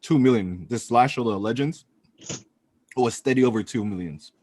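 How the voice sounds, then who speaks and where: A man co-hosting a casual podcast, retelling events and acting out quotes in a loose, animated way. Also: mid-range voice, moderate pace, no room sound. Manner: animated storytelling, acts out quotes. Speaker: podcast co-host. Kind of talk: casual chat.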